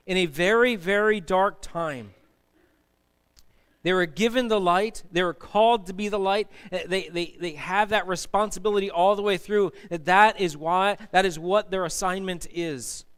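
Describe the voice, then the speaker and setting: High-voiced man preaching a sermon. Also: fairly bright tone, clean tone. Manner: emphatic, asks the congregation to respond. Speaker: pastor. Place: church sanctuary.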